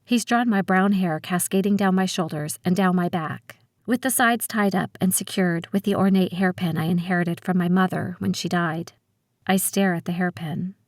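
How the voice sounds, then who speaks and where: A woman narrating a novel in the first person, reading in a steady, measured way. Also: lowish voice, no room sound, studio quality. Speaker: audiobook narrator.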